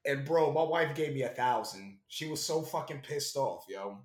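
A man's voice: medium pitch, animated, normal speed, roomy sound. A young man in casual chat, rambling and swearing a lot, often saying bro and yo. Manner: profane, rambling, says bro and yo.

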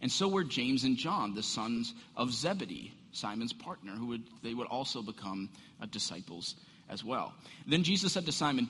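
Middle-aged male pastor, sermon delivery, husky, long hall echo. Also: mid-range voice, moderate pace. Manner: storytelling, animated, acts out voices with laughs. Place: church sanctuary.

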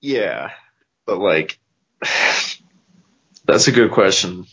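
A man's voice: low voice, animated, very slow, husky. A young man in casual podcast chat, laid-back with dry quips. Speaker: podcast co-host. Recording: dull lo-fi podcast audio.

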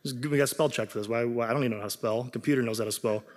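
A man's voice: mid-range voice, rapid-fire, slight background noise. Casual young man preaching in a reverberant hall. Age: young adult. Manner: casual, self-deprecating, repeats words when excited. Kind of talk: sermon.

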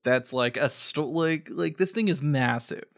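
A man's voice: a little high, a little slow, creaky. A man co-hosting a podcast, chatting casually and enthusiastically, swearing now and then. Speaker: podcast co-host. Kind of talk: casual chat.

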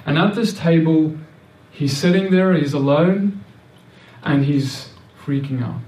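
A man's voice: fairly high pitch, takes it slowly, a little mellow, far from the mic. A man preaching a sermon in an earnest, repetitive way, often restarting and stammering over words. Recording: echoey room, voice off-mic.

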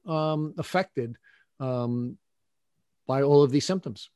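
A man interviewing a guest, asking measured, probing questions. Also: mid-range voice, a little mellow, smooth, dry recording, clean studio sound.

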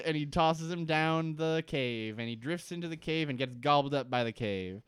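A man's voice: fairly high pitch, normal speed, few pauses, fairly bright tone, smooth, dry recording. A man co-hosting a casual comedy podcast, sarcastic and swearing, who acts out scenes in mocking voices. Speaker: podcast co-host. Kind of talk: casual comedic recap chat.

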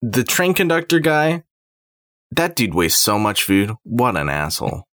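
A young man co-hosting a casual chat, sarcastic and animated, slipping into mocking voices. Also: mid-range voice, unhurried, no room sound, studio quality. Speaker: podcast co-host.

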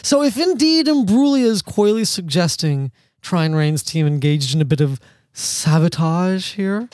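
A man's voice: sits high, animated, measured pace, a little mellow, no echo. A man hosting a podcast in casual chat, sardonic and rambling, laughing often. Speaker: podcast host.

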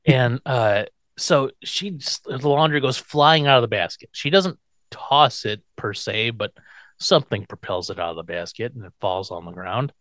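A man's voice: medium pitch, normal speed, no echo. A man co-hosting a podcast, casually retelling a TV episode and acting out the characters' lines. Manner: animated storyteller, acts out quotes. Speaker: podcast co-host.

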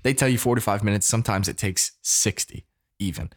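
Animated storyteller man with low voice. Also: a little fast. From United States. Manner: animated, preacher-like call-and-response. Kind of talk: casual storytelling.

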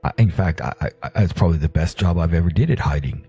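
Deep dark husky man. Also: quick pace, soft background music. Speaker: player.

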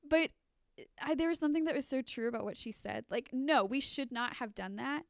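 A young adult woman co-hosting a podcast, telling a story in casual chat, animated and full of fillers, laughing as she goes. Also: sits high, brisk, creaky, clear, resonant tone, no room sound, clean studio sound. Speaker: podcast co-host.

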